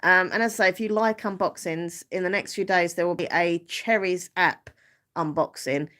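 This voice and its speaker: A woman's voice: on the low side, steady tone, moderate pace, pushed and bright. A woman with an Essex accent hosting a casual live stream, chatty, giggly and self-deprecating. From Southend-on-Sea, Essex, England.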